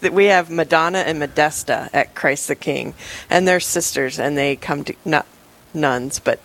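A woman's voice: low-pitched, a little slow, poor audio. A woman hosting a radio interview in a studio, chatty and light in her casual conversation. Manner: chatty and light, laughs often. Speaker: radio show host.

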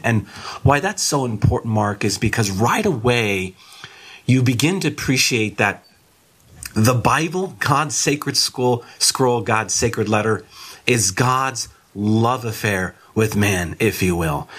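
A man who is a theology guest, explaining a topic in a measured teaching way and slowing down to stress key words. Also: on the low side, fairly bright tone, breathy edge.

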